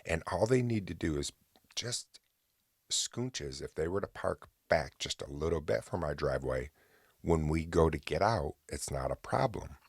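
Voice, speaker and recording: A man's voice: rumbling low, lively intonation, normal speed, breathy edge, no echo, clean studio sound. A man hosting a podcast, telling a personal story in a chatty rambling way with hesitant restarts. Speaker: podcast host. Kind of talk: casual rambling monologue.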